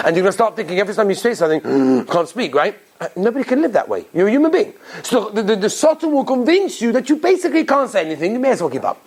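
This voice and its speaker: A man, a rabbi, giving an animated Torah lecture, acting out little voices and laughing often. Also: sits high, fast talker.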